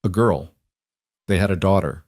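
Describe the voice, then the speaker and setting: Male narrator, low voice, dry close sound, measured and earnest, for western tales. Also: a little mellow, dry recording. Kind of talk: scripted storytelling narration.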